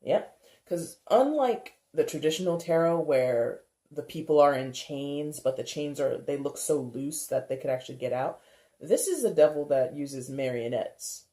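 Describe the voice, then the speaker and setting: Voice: medium pitch, expressive, normal speed, warm tone. A tarot reader giving a casual reading, chatty and thinking aloud, with frequent laughs. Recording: roomy echo.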